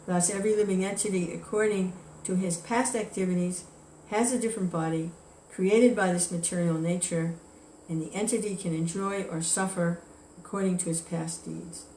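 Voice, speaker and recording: A woman with a fairly low voice gives a devotional scripture class, telling a story in a relaxed, chatty way. The recording is roomy and echoey, with faint ambience behind her. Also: normal speed, few pauses, a little hiss or hum.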